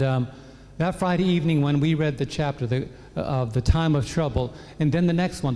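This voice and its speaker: A man sharing his personal testimony with a church audience, telling stories with joking asides. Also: on the high side. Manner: warm storytelling, joking asides. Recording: long hall reverb from a church PA.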